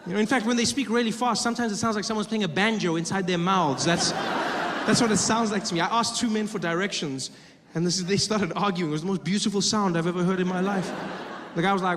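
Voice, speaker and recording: A man's voice: high voice, quick pace, fairly bright tone. A man performing stand-up comedy, telling a story and slipping into put-on voices. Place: comedy club stage. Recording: roomy live stage reverb with audience noise.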